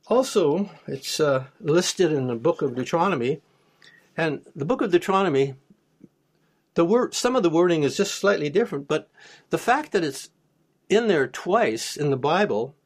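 A man's voice: a little high, lively intonation, moderate pace. A man teaching a Bible study, reading verses aloud and then explaining them plainly, with small restarts. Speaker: preacher.

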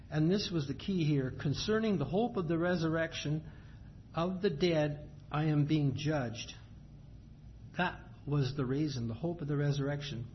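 A man with a somewhat high voice preaches a sermon. He reads scripture in a measured cadence, then explains it in plain, everyday words. The recording is dull and lo-fi, with faint ambient noise behind him.

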